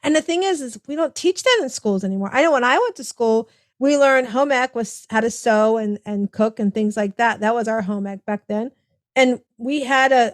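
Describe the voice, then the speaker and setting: A middle-aged woman hosting a conversational podcast, agreeing warmly and chatting in rambling asides. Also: a little high, dry recording, clean studio sound. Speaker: podcast host. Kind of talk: casual interview chat.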